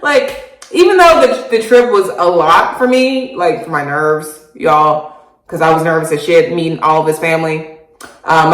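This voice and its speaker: A woman in her thirties telling a casual storytime, animated, laughing often and swearing freely. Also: fairly low pitch. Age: 30s. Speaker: vlogger. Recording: roomy echo.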